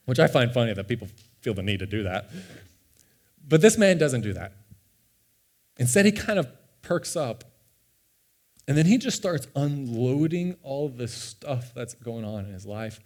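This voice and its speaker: A young man, a pastor, telling a personal story in a sermon with earnest, animated delivery and frequent restarts. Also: medium pitch. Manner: earnest and animated, often repeating words as he restarts. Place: church sanctuary.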